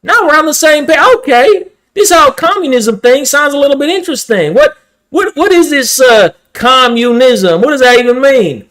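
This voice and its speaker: A man voicing a loud, crude small-town conservative who drawls and swears a lot. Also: very high-pitched, lively intonation, normal speed, voice pushed up. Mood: won over.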